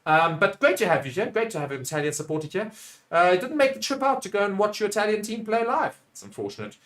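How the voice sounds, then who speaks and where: A young South African man giving live play-by-play rugby commentary, getting louder and excited on attacking plays and dropping low and quiet when reading viewer comments. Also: fast. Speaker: watchalong commentator.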